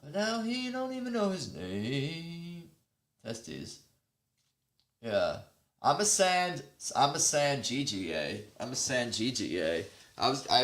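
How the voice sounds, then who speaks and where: A man's voice: medium pitch, a bit bright, echoey room. A man hosting a casual live stream, rambling and breaking off mid-sentence as he chats with viewers. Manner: rambling, self-interrupting, chatting with viewers.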